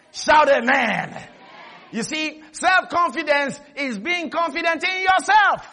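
A man preaching a sermon, telling a story with lively energy and often shouting. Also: very high voice.

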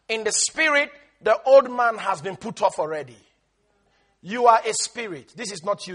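High, husky, exhorting male preacher. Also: moderate pace. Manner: emphatic, call-and-response exhortation; swings between shouting and quiet asides. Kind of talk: sermon.

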